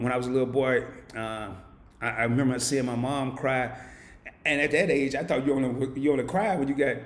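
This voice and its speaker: Guy on a live stream reading out chat comments, roomy echoey sound. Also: mid-range voice. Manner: reads viewer comments aloud and answers them; emotional, heartfelt thanks. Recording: echoey room.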